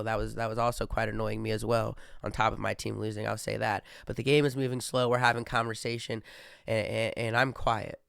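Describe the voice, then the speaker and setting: A young podcast host delivers a casual monologue, rambling with many fillers and restarts. His mid-range voice is smooth and fairly bright, captured in clean studio sound with no echo.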